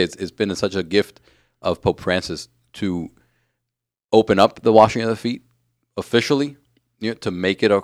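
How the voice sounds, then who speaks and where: A man co-hosting a podcast, speaking calmly and agreeably in casual chat. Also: deep voice, no room sound, studio quality. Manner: calm, agreeable, short affirmations. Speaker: podcast co-host.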